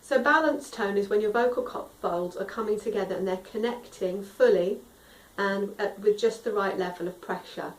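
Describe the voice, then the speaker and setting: A woman at a normal speed and medium pitch explains vocal tone as a friendly, instructive singing teacher, demonstrating sung tones. The mic is distant and a little off her, picking up roomy echo.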